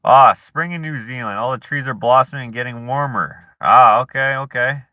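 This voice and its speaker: A man's voice: mid-range voice, moderate pace, bright, forceful tone, no room sound. A man hosting a casual live chat who reads viewer comments aloud and jokes and laughs at himself in a laid-back way. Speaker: streamer host.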